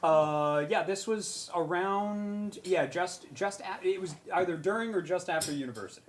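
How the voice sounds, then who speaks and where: Man telling an animated story. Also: high voice, normal speed. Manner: animated, acts out quotes with raised voice. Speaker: panelist on a charity stream. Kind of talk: casual storytelling.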